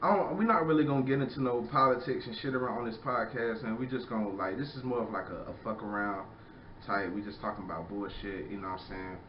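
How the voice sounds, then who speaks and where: On the low side and talking fast, a young man hosting a casual podcast delivers a rambling, foul-mouthed rant, leaning on the phrase "you know what I'm saying." A little hiss or hum is audible, and the echoey room and distant mic make it sound dull.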